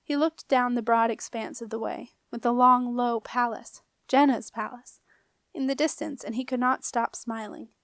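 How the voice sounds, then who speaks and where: A woman narrating a children's fantasy audiobook in a clear, expressive manner. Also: on the high side, normal speed, no room sound. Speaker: audiobook reader. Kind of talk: storybook narration.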